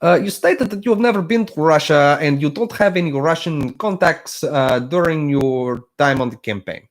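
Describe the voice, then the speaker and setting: A man voicing a middle-aged male congressman who asks long, halting questions full of filler sounds. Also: on the high side, close to an everyday voice. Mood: probing.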